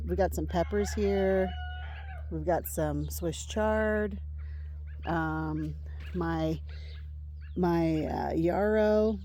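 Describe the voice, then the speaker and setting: A woman's voice: fairly low pitch, dark tone, a little hiss or hum. A woman giving a chatty, meandering walkthrough of her home garden in a casual vlog. She fills her speech with frequent ums as she strolls outdoors. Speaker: gardening vlogger.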